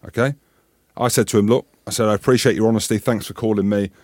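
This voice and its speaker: A man in his thirties, a former rugby player co-hosting a podcast, telling stories in a casual, animated, swearing style and acting out voices. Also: lowish voice, quick pace, dry recording, clean studio sound. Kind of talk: casual storytelling chat.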